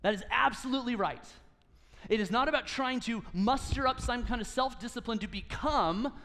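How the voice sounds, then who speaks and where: Man, pastor, sermon, earnest teaching tone, high voice, echoing hall. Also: normal speed, sharp tone. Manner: earnest teaching with light humor.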